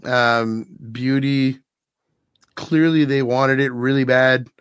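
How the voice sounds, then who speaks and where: A man hosting a podcast, retelling a weekend story in an easy, animated way and breaking into laughter along the way. His voice sits in a middle register. The sound is dry, with no room echo. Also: medium pitch, slow, clear, resonant tone. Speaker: podcast host. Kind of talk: casual chat.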